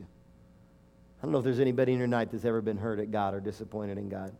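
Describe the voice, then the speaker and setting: A man's voice: lowish voice, little pitch movement, fast, creaky, warm tone. A middle-aged man preaching a sermon and telling a personal story, emotional and emphatic, rising to fervent declarations.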